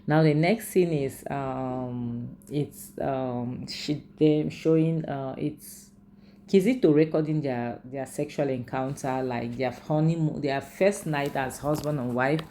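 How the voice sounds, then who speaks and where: Woman, film recap vlogger, dark warm gravelly voice, faint background hiss. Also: extremely low pitch, takes it slowly. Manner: chatty, heavy use of "like" and "you know". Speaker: film reviewer. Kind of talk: casual movie recap and commentary.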